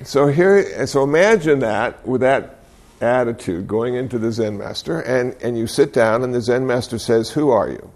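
An older man giving a dharma talk, telling stories in a gently humorous, reflective way and laughing at himself. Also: medium pitch. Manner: gently humorous storytelling with self-deprecating chuckles; reflective, unhurried. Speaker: Buddhist speaker.

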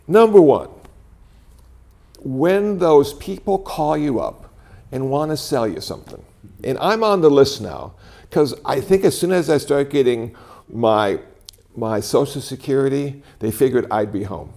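Speaking a little slowly in a creaky, medium-pitched voice, a man in his sixties addresses a live audience at a talk venue. His conversational talk is full of lively stories and dry wit.

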